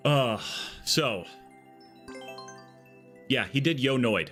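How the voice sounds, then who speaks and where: A man's voice: medium pitch, expressive, unhurried, pauses often, fairly bright tone, soft background music. A man from Arizona chatting casually on a live game stream, rambling and tagging his sentences with "okay?".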